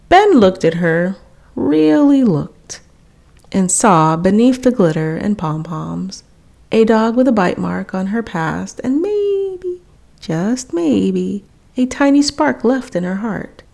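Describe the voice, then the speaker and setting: A woman narrates a whimsical storybook in a playful, wry manner. She takes her time over every line, and her voice has a gravelly, creaky texture. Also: medium pitch, big pitch swings, takes it slowly, mellow.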